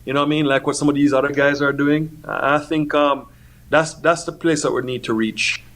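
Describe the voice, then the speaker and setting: A man from Jamaica who works as a music producer, giving relaxed interview answers that are full of "you know what I mean". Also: fairly high pitch, a little fast, slight background noise.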